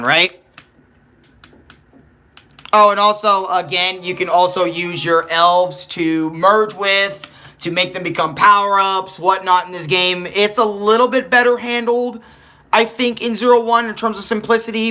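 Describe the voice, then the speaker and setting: A man's voice: high voice, bright, forceful tone. A young man giving casual, rambling game commentary, swearing freely and correcting himself as he talks. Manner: rambling, profane, self-correcting. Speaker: gaming streamer.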